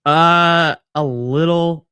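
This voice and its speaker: A man's voice: on the high side, drawn-out words, bright, forceful tone, clean tone, no room sound, clean studio sound. A man co-hosting a sports podcast, chatting in an easygoing way and often restarting his sentences. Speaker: podcast co-host. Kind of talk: casual sports chat.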